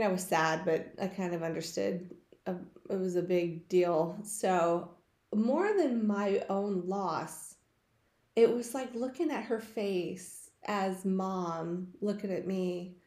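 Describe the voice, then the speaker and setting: A woman casually telling personal stories in a chatty, animated way, acting out the voices of the people she quotes. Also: medium pitch. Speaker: host sharing personal stories. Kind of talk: casual storytelling. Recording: roomy echo.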